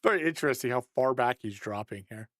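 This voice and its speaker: A man's voice: mid-range voice, lively intonation, quick pace, a bit bright, no room sound. A man giving a casual, conversational breakdown of football game film, thinking aloud and chuckling at mistakes.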